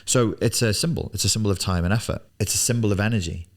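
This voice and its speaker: In a TV studio, a man in his forties gives blunt, emphatic business coaching, swearing freely and repeating words for emphasis. His voice sits on the low side and he talks at a quick pace.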